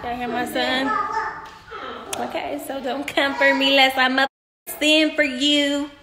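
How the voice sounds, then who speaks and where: A woman's voice: high voice, flat delivery, moderate pace, pushed and bright, roomy sound, slight background noise. A mother hosting a casual phone livestream, playful and laughing as she coaxes her toddler.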